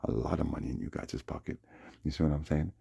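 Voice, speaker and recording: A man's voice: a bass voice, fast, dark tone, no echo, studio quality. A man in a rambling, agitated monologue, repeating himself and acting out what other people said to him. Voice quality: husky, gravelly. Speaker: vlogger. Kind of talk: rambling monologue recounting a dispute.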